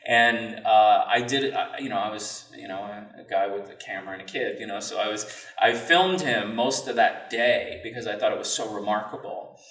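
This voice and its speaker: A man as a podcast guest, telling a personal story in an earnest, reflective and halting way. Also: lowish voice, fairly bright tone. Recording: roomy sound, mic at a distance.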